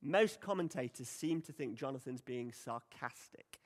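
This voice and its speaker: A man's voice: medium pitch, lively intonation, normal speed, few pauses. Man preaching in a reverberant hall. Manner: conversational, emphatic, acts out quoted lines. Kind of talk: sermon.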